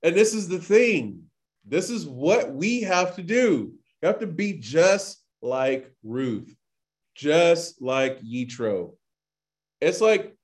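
Chatty man teaching scripture casually. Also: a little high. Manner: chatty, full of "like" and acted-out quotes. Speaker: Torah teacher. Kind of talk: casual scripture study talk.

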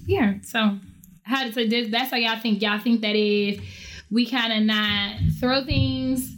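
Chatty storytelling mom, high voice. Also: female voice, slow pace. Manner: storytelling, animated when quoting, laughs often. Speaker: podcast host and parent. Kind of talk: casual family podcast chat.

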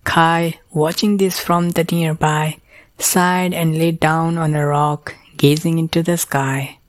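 A woman narrating a storybook tale in a calm, even reading. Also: low-pitched, slow, no room sound.

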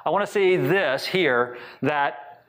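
A man giving a talk to a live audience, asking them many questions and acting out short quotes in lively voices. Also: a little high, takes it slowly. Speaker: speaker teaching on attachment styles.

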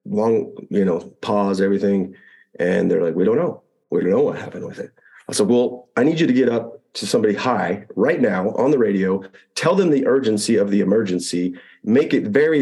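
A man who flew Apache helicopters, telling a combat story in a conversational interview, acting out radio calls and often restarting phrases. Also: lowish voice. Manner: animated retelling, acts out radio calls, frequent restarts.

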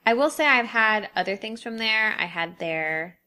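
A woman's voice: a little high, animated, normal speed, bright, forceful tone, clear, resonant tone. A woman chatting casually about a bakery's cookies and pastries, easygoing and agreeable. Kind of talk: casual food review chat.

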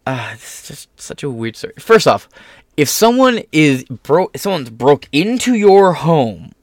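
A man's voice: a little high, sing-song, a little slow, no echo, clean studio sound. A young man talking through a casual commentary vlog, sarcastic and mocking, swearing freely. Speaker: political commentator.

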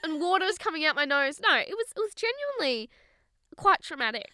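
A woman in her twenties co-hosting a podcast, telling stories in a casual, animated way. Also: very high voice, a little fast, no room sound, studio quality. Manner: animated storytelling with quoted voices. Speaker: podcast co-host. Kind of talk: casual chat.

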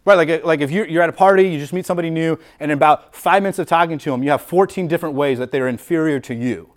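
A man preaching a sermon in a casual, conversational way, repeating words often and acting out quoted thoughts. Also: fast. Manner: acts out quoted inner voices with rising pitch and volume. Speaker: pastor.

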